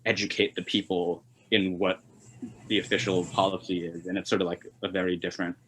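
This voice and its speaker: A young man from China, a polyglot journalist, answering interview questions in a relaxed way, with lots of fillers and chuckles while telling stories. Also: low-pitched, a little fast, slight background noise, rough recording. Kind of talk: casual interview conversation.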